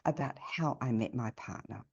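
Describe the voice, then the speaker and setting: Middle-aged woman, from New Zealand, low voice, chatty and rambling storyteller, muffled call audio. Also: normal speed, gravelly, slightly rough. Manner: chatty, rambling, with many restarts. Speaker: guest. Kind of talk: casual storytelling chat.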